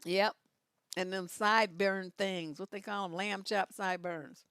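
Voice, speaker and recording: A woman's voice: medium pitch, steady tone, measured pace, fairly bright tone, clean tone, no echo, studio quality. A middle-aged woman hosting a live stream, laughing often and reacting with sass to viewer comments and memes.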